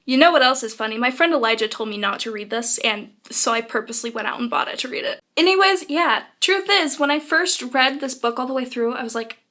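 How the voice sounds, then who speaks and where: A woman's voice: sits high, bright, forceful tone. A teenage girl with a bubbly, sarcastic, chatty manner, reviewing books in a casual vlog. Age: teens. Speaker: video blogger.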